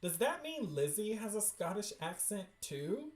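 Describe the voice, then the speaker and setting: Brief: excitable woman host, slow-talking but animated, echoey room. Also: mid-range voice. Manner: chatty, excitable, self-interrupting asides. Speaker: livestream host reading webcomics. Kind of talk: casual livestream chat.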